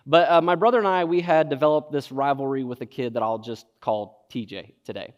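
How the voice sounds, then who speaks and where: A man preaching a sermon, telling a childhood story with lively, acted-out moments. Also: medium pitch, fairly quick, lo-fi sound. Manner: animated storyteller, acts out his childhood self. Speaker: pastor. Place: church auditorium. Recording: long hall reverb.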